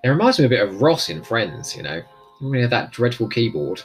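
A man's voice: medium pitch, brisk, soft background music. A man chatting casually as a podcast co-host, enthusiastic and full of trivia. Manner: animated, enthusiastic, fond of trivia. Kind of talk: casual chat.

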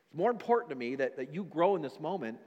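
A man's voice: fairly high pitch, very animated, fast talker, darkish tone, big-room sound, highs cut off. A man preaching a sermon, reading scripture aloud and acting out the doubting voices of people in the story. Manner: acts out voices of listeners in the story; reads scripture aloud in old-fashioned wording. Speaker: pastor. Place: church hall.

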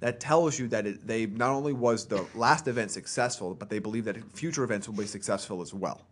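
A man's voice: on the low side, a little fast, a little hiss or hum. A man co-hosting a podcast in casual chat, bantering and conversational. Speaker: podcast co-host.

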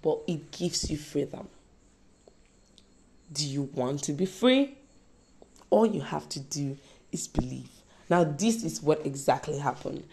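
Woman preacher, slow and gravelly, low-set voice, emphatic and repetitive. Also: lively intonation. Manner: emphatic, repeats lines, swings between loud and soft. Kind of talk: sermon.

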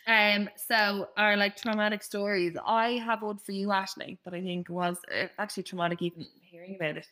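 A young woman co-hosting a podcast, chatting casually and teasing her friend with quick reactions. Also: medium pitch, level tone, pushed and bright. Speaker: podcast co-host. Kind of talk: casual chat.

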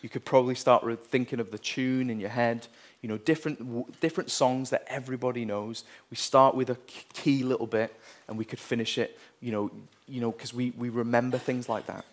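A man's voice: mid-range voice, fairly even intonation, a little fast, hardly any pauses. A man preaching a sermon, earnest, reading scripture passages with rising intensity.

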